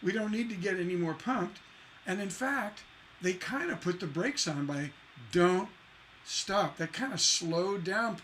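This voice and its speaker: A man with a fairly high voice teaches songwriting on a livestream, full of enthusiasm. He sings rhythms aloud as nonsense syllables and keeps repeating key phrases. A faint hiss sits under his voice. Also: fairly bright tone. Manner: repeats phrases for emphasis, asks rhetorical questions. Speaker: songwriting instructor.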